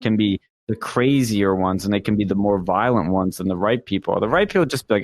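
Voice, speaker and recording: A man's voice: lowish voice, quick pace, few pauses, no room sound. A young man co-hosting a casual talk show, telling a long story in a rambling way with many fillers and restarts. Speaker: podcast co-host.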